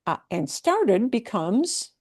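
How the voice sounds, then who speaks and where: A woman's voice: a little high, sing-song, slow, darkish tone. A woman teaching a Spanish class, who explains patiently, repeats words with the stress on the right syllable and keeps checking in with "yeah?" and "okay?". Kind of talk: online language class.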